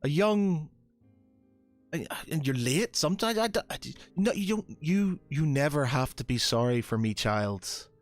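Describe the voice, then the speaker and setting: A man voicing a tender, high-pitched mother. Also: expressive, a little slow, no room sound, faint music behind. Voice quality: stammering, tender. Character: loving mother, gentle older woman.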